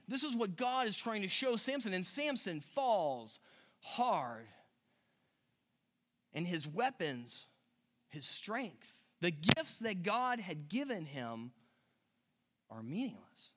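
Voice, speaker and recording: A middle-aged man preaching a sermon, animated and jokey, acting out characters in quick asides. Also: high-pitched. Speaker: pastor.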